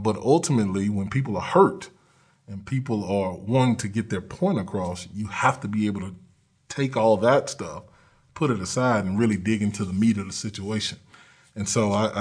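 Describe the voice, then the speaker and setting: Coach guy, low voice, kinda husky, plain earnest talk w lots of ums. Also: darkish tone. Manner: earnest, plain-spoken, with frequent um and uh. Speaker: college football coach. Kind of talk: conversational interview.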